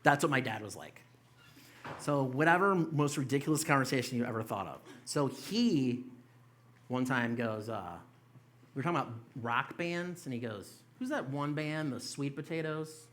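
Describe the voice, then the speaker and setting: Young male stand-up comic, bright tone, crude loose storytelling, club stage. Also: mid-range voice, lively intonation, normal speed, a little hiss or hum. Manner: loose, profane storytelling with mocking quoted voices. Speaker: stand-up comedian. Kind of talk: stand-up set. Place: small comedy club stage.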